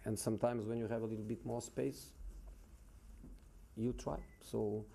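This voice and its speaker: A man answering questions as a football manager at a press conference, speaking haltingly and repeating words with many pauses. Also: lowish voice, flat delivery, vocal fry, dark tone, slight background noise.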